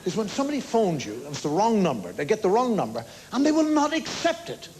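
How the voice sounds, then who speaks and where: A man's voice: sits high, wildly swooping pitch, fast, a little mellow. A man delivering an exasperated stand-up monologue in front of a TV studio audience. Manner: exasperated, ranting. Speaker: comedian. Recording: studio audience laughing throughout.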